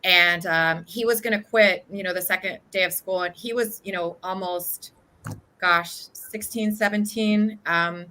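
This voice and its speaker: A woman's voice: on the low side, fairly even intonation, a little slow, bright, forceful tone, rough recording. A woman guest telling heartfelt stories in an earnest, conversational way. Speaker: charter school guest. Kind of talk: conversational interview.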